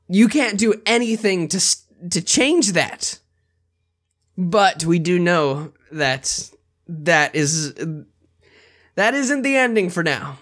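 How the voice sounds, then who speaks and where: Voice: mid-range voice, fairly bright tone. A young adult YouTuber reading a translated light novel aloud in an earnest, emotional way, then reacting casually and swearing now and then.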